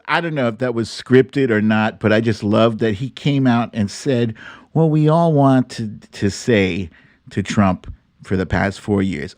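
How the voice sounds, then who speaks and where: A man's voice: mid-range voice, expressive, a little slow, a little mellow, no echo. A man hosting a casual live stream, chatting with viewers and laughing often. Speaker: livestream host reading his own book.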